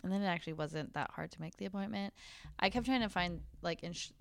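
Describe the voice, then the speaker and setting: A woman's voice: on the low side, quick pace, vocal fry. A woman hosting a podcast, chatting candidly and laughing often as she acts out quotes. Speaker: podcast host. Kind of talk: casual chat.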